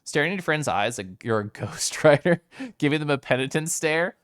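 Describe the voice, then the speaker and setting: A man's voice: a little high, animated, fairly quick, no room sound, clean studio sound. A man streaming a game, chatting casually with viewers, bubbly and giggly. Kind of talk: casual live-stream chat.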